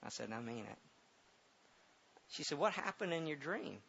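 Middle-aged male pastor, gravelly voice, halting delivery that swells into emphatic preaching, dull recording with light hiss. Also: a little high, big pitch swings. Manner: halting, repeats words, grows loud and emphatic when preaching. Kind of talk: sermon with personal story.

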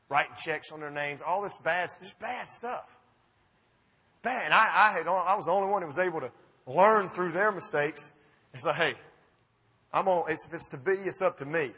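A man in his fifties with an Alabama accent, telling folksy, animated stories to an audience. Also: fairly high pitch, breathy edge. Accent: Southern US, Alabama. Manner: folksy, animated, self-mocking. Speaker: speaker. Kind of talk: storytelling talk to an audience. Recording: dull recording with long hall reverb.

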